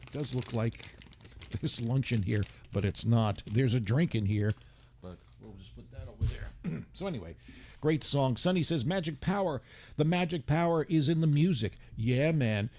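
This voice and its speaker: A man's voice: medium pitch, animated, normal speed, darkish tone. An older man hosting a radio show, chatting casually and rambling as he reads listener comments aloud. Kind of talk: casual DJ chat.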